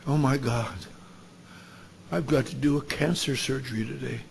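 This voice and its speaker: A man's voice: mid-range voice, normal speed, vocal fry, slight background noise, natural voice. A man quoting an anguished drinking doctor. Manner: pleading, emotional exclamations. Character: anguished middle-aged male doctor, a drinker.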